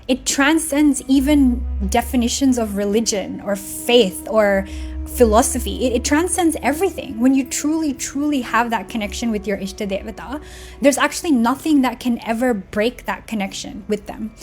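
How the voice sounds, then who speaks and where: A woman's voice: a little high, normal speed, darkish tone, faint music behind. A young woman vlogger telling a heartfelt personal story in a casual, conversational way, tearing up at times. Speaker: spiritual vlogger.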